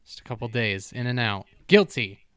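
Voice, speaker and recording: A man's voice: on the low side, moderate pace, vocal fry, fairly bright tone, clear, resonant tone, no room sound. A man co-hosting a podcast, telling a story in a chatty, self-mocking way. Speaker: podcast co-host. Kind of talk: casual storytelling.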